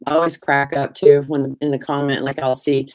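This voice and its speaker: A middle-aged woman with a Southern US accent hosting a casual live chat, talkative and quick to laugh, greeting viewers by name. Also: rumbling low, level tone. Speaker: livestream host.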